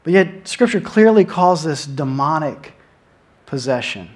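Male preacher, sermon, earnest, repeats words for emphasis, slightly high pitch. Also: expressive, a little slow. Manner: earnest, repeats words when stressing a point.

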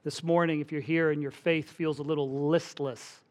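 Male pastor, middle-aged, animated sermon storyteller with a slightly high voice. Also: normal speed.

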